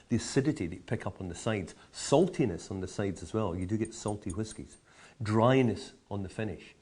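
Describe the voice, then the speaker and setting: A man's voice: deep voice, darkish tone, slightly rough. A man teaching how to taste, enthusiastic and full of vivid comparisons and playful asides. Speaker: whisky educator. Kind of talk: explanatory tasting talk.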